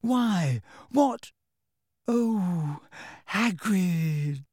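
Guy putting on a scared teen girl voice, high and shrill, kinda sarcastic, dry close sound. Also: animated, unhurried, a little mellow, no room sound, full character voice. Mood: anxious, shrill. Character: anxious clever teenage girl, shrill when upset.

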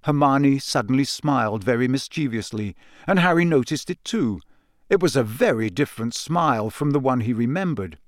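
A man narrating an audiobook in a measured, even storytelling manner. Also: medium pitch, dry recording. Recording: dry close studio sound.

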